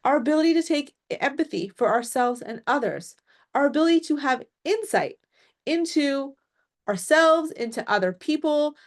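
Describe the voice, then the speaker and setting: A woman presenting a mental health workshop, explaining step by step and often checking in with "right?" and "okay?". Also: sits high.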